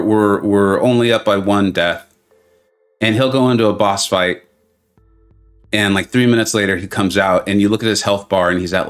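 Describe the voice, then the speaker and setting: With a lowish, slightly bright voice, a livestream host runs a game-tournament watch party, keeping the chat casual, calling out viewers by name, and using self-mocking humor.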